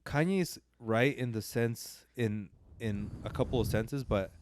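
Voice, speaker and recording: A man's voice: medium pitch, measured pace, darkish tone, slight background noise. A man co-hosting a podcast, chatting casually and rambling through a long retelling with frequent restarts. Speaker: podcast co-host. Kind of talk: casual chat.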